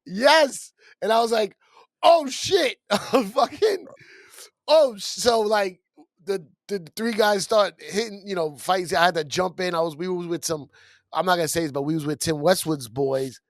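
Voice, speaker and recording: A man tells a story on a podcast and acts out the lines of the people in it. His voice sits a little high, and he laughs as he goes. The studio mic is close and dry. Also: moderate pace, dry recording. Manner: animated storyteller who acts out quotes, laughs often. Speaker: podcast co-host. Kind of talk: casual storytelling chat.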